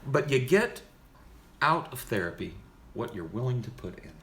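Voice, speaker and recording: A man playing a calm male psychotherapist who talks in a measured, gently lecturing way. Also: mid-range voice, reverberant, a little hiss or hum, pitched above the performer's own voice. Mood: earnest.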